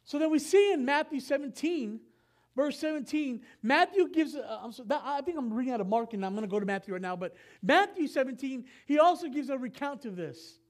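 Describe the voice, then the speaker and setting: A man's voice: extremely high pitch, animated, brisk. A man giving a sermon as pastor, reading scripture in a casual, conversational way with frequent asides and self-corrections.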